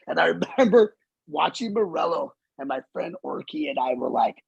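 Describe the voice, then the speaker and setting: A man hosting a casual chat, telling stories in an animated way, swearing freely and laughing as he talks. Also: high-pitched, normal speed, vocal fry, slightly rough, dry recording, poor audio. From Los Angeles area. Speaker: podcast host.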